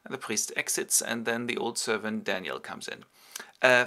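A man's voice: medium pitch, a little slow. A man, hosting a playful comic retelling of a play with toy figures. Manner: playful, animated. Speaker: host.

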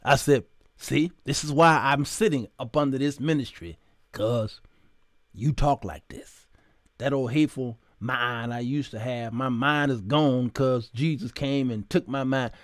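A man hosting a live talk show, telling stories with animated, preacher-like emphasis and greeting viewers by name. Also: medium pitch, measured pace, no echo, studio quality. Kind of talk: live talk show monologue with chat shout-outs. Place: studio.

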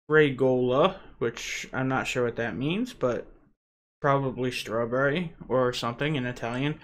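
A man's voice: medium pitch, a bit bright. Guy doing an unboxing vlog, medium voice, rambly and chatty, lots of uh's. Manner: chatty and rambling, many "uh" fillers. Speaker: channel host.

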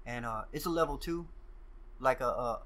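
Bright-voiced man telling stories, profane and animated. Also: mid-range voice, normal speed. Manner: profane, animated storyteller who acts out quoted exchanges. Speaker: podcast guest. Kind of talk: casual storytelling.

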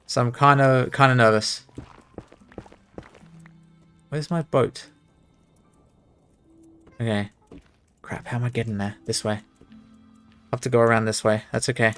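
A man's voice: mid-range voice, steady tone, a little slow, long pauses, a bit bright, soft background music. Muttering young man streaming a speedrun. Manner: self-talking, muttering and exclaiming. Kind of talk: live commentary while speedrunning a game.

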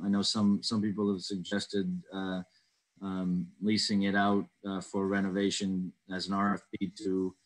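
A man chairs an online public meeting and reads residents' questions aloud. His voice sits low. He answers carefully and hesitantly, with plenty of ums and uhs, over a video call. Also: rough recording.

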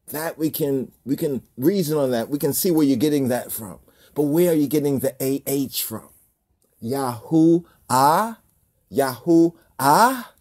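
Slow-talking man asking rhetorical questions. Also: mid-range voice, warm tone. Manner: rhetorical, repeats questions, chuckles often. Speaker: religious video host. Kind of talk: casual monologue.

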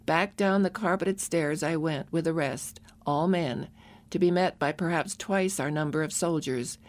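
A woman narrating a memoir audiobook in a measured, earnest way. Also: low voice.

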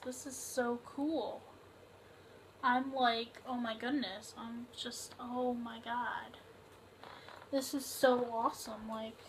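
Bright-voiced young woman gushing over a haul. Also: on the high side, slight background noise, low-quality recording. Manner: excitable, gushing, chatty with many fillers. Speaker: vlogger. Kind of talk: casual haul unboxing vlog.

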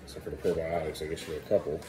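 A tired father chatting casually with his young kids in the kitchen of the family home, weary and exasperated, sometimes raising his voice and often trailing off low and mumbly. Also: little pitch movement, rapid-fire, background noise. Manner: raises his voice at a defiant child.

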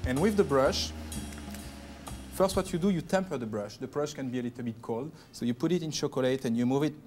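A man's voice: medium pitch, fairly quick, darkish tone, faint music behind. A man in his thirties with a French accent, demonstrating chocolate work as a TV pastry chef, giving playful step-by-step instructions. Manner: chatty, joking, step-by-step instructions. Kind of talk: cooking demonstration. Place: TV kitchen studio.

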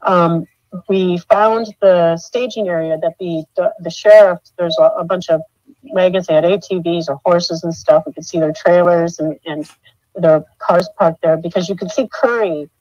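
A middle-aged woman telling her story in an interview, halting with many fillers and restarts, her voice rising when upset. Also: lowish voice, fairly even intonation, darkish tone, dry recording. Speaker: mother of a missing man, interview guest. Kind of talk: emotional interview account. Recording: dull dry lo-fi sound.

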